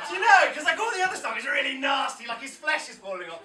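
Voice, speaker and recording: Anxious rambling high-voiced man. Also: big pitch swings, a little fast, sharp tone, recorded from a distance. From South-West England. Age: 30s. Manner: anxious, self-interrupting, laughing. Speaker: poet performing a live set. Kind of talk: rambling stand-up poetry patter. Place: pub stage before a live audience. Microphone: stage microphone, often off-mic. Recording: echoey pub room from afar, crowd.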